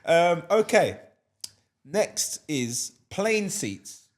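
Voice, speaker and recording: A man's voice: on the high side, big pitch swings, drawn-out words. A man hosting a casual podcast, laughing often and jumping in with eager interjections. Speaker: podcast host.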